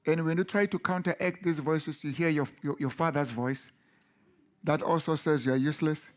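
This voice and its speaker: Earnest higher-voiced man preaching. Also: steady tone, moderate pace. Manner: earnest, emphatic with many restarts. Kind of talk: sermon.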